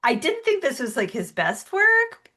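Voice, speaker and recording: A young woman co-hosting a film podcast in casual chat, chatty with quick reactions. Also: sits high, wildly swooping pitch, sharp tone. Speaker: podcast co-host.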